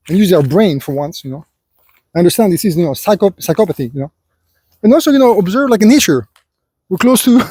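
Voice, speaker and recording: A man's voice: high-pitched, warm tone, slightly rough, no echo. A man speaking in an unscripted personal monologue, rambling and full of filler phrases as he lectures the listener and calls him "son". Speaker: vlogger.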